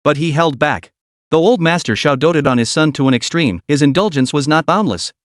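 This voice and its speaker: A man's voice: on the high side, a little fast, dry recording, studio quality. A man narrating a dramatic story recap in a scripted reading voice. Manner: lively storytelling, reads all characters' lines himself.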